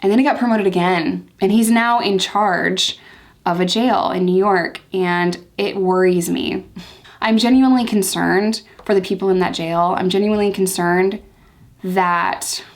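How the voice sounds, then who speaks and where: A woman's voice: medium pitch, steady tone, a little slow. A young woman in a casual story-time vlog, talking candidly and emphatically and repeating herself for emphasis. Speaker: vlogger telling her life story.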